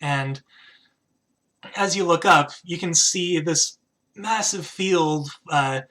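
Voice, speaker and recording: A man's voice: on the high side, takes it slowly, pushed and bright. Casual, hesitant man running a tabletop game. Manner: casual, hesitant, lots of "kinda". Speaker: game master.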